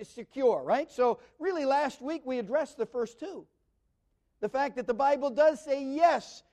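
A man with a very high voice preaches a Bible study. He is earnest, often repeating himself and asking rhetorical questions. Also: darkish tone.

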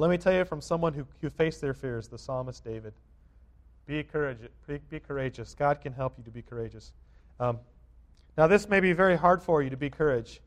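Earnest preaching man, loud exhortations. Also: mid-range voice. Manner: earnest, repetitive exhortation with frequent restarts; swings between quiet reflection and emphatic loud urging. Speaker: pastor. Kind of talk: sermon.

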